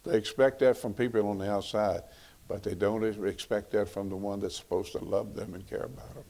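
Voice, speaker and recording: A middle-aged man delivers a sermon in a folksy, conversational manner, often repeating himself for emphasis. His voice sits low and carries a gravelly rasp. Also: a little fast, mellow. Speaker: preacher. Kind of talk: sermon on marriage.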